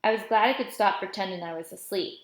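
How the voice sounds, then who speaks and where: A woman reading a children's novel aloud in a first-person storytelling voice. Her pitch sits in the middle range for a woman. The recording has a noticeable roomy echo. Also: quick pace. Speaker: audiobook reader.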